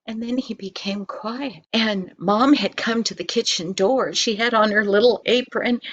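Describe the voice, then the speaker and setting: An older woman reading a Christmas story aloud, with dramatic whispers and playful sound effects. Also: a little high.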